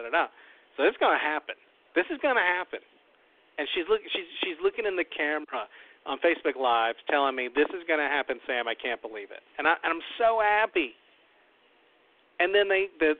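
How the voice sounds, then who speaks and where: A man's voice: medium pitch, dry recording. A man hosting a talk show, telling a long story in a loose, rambling way and often repeating himself. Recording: tinny phone-like line, dry.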